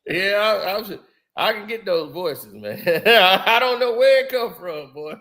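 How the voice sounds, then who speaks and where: A man's voice: sits high, expressive, a little slow, sharp tone. A man guesting on a casual podcast, telling stories animatedly with slang and frequent laughter. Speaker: guest, former basketball player.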